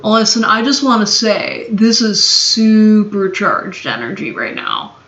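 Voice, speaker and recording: A woman's voice: mid-range voice, big pitch swings, slow, fairly bright tone. A woman giving a casual tarot reading to camera, blunt and swearing freely, with a playful drawl. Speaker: tarot reader. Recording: dull, echoey room recording.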